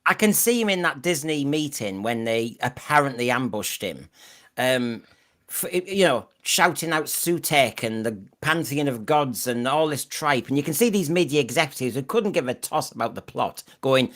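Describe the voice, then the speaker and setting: A man's voice: medium pitch, lively intonation, normal speed, a bit bright. A man hosting a podcast, rambling through casual chat with repeated words and mocking asides. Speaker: podcast host.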